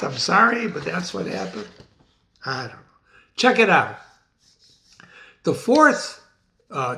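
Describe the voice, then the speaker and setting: On his own literature channel, this middle-aged teacher and website host talks to the camera with animated, stagey enthusiasm. He keeps addressing his audience as ladies and gentlemen, and his voice is high and gravelly.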